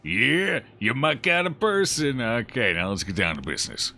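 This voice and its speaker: A man's voice: mid-range voice, wildly swooping pitch, normal speed, pushed and bright, soft background music, voice pushed up, full character voice. A man voicing a cheerful, laid-back male storekeeper in a game. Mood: upbeat. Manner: upbeat, friendly.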